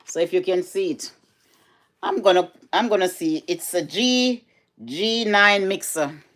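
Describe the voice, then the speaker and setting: Unhurried and fairly bright in tone, a middle-aged Jamaican woman's lowish voice carries her home vlog as she chats to camera. With a Jamaican accent, she's talkative, repetitive, and moves into patois now and then.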